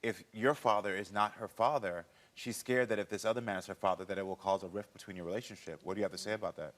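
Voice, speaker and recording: A man hosting a talk show, asking guests gentle, probing questions in a television studio. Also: lowish voice, fairly even intonation, quick pace.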